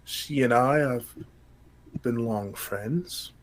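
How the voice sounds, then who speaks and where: A man's voice: mid-range voice, rough recording. A man voicing a formal courtly father introducing his daughter. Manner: slow, formal.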